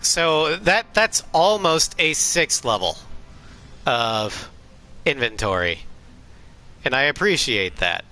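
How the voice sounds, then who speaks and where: A man giving casual, unhurried commentary while streaming a flight game. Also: a little high, big pitch swings, pushed and bright. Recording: live stream with game music.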